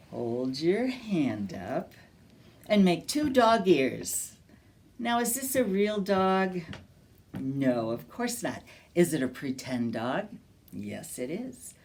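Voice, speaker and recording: A woman reads a picture book to young children at a very slow, unhurried pace. Her pitch swings widely in a lively sing-song, and she keeps coaxing the little listeners to join in. Her voice sits on the low side. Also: a little hiss or hum. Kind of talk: slow, animated storytime read-aloud.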